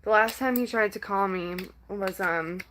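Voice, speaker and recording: Speaking at medium pitch with background noise behind her, a young vlogger has a loose personal chat with her viewers. Her speech wanders and stalls, heavy on "um" and "like," and she sometimes nearly cries.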